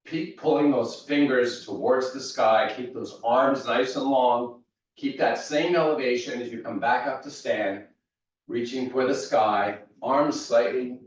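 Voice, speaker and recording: Male fitness instructor, steady easygoing cues, mid pitch, distant dull room recording. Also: heavy reverb. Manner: steady cueing, easygoing asides. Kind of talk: guided mobility class cueing. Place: large echoey fitness studio.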